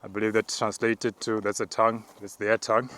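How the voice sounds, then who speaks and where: A man acting as apostle who narrates a spiritual walk outdoors on a mountain path, talking calmly while he climbs and now and then breaking into tongues. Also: fairly low pitch. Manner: calm, measured, breaks into tongues.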